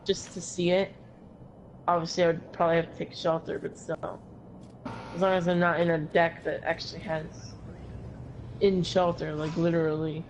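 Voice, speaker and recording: A woman's voice: fairly low pitch, level tone, moderate pace, pauses often, a little hiss or hum, rough recording. Tired, chatty woman gamer. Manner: chatty, swears casually. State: tired, yawning. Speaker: co-player on a gaming stream. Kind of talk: casual chat while gaming.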